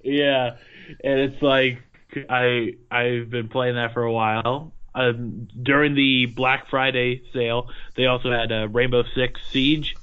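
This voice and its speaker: A man's voice: medium pitch, little pitch movement, a little slow, clear, resonant tone, narrow, tinny audio. A man co-hosting a casual podcast in an easygoing way, laughing often. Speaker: podcast co-host.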